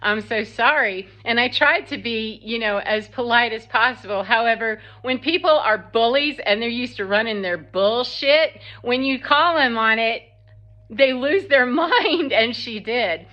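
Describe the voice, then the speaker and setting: A woman's voice: fairly high pitch, a little slow, lo-fi sound. A woman casually telling a long, rambling personal story, laughing often and quoting herself and others. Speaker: spiritual vlogger.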